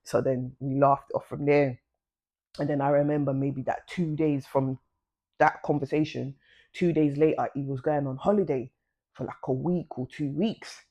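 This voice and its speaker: A woman telling a personal story to camera in a casual, chatty vlog style, full of slang, who jumps up in pitch to act out what people said. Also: fairly even intonation, normal speed, mellow, dull audio. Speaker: vlogger.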